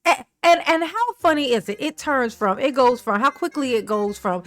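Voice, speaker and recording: A woman's voice: high-pitched, animated, moderate pace, few pauses, a bit bright, soft background music. A woman giving casual, sassy reaction commentary on a news story, mocking, swearing and laughing often. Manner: breaks into exaggerated mimicking voices.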